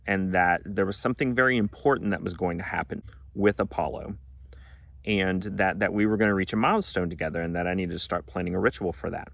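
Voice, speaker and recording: A man with a fairly low voice tells a long personal story in an earnest, reflective way. He is from Arkansas, and now and then he acts out remembered conversations in his own voice. The pace of his telling stays calm. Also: gravelly, no room sound. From Arkansas, United States. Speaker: pagan vlogger.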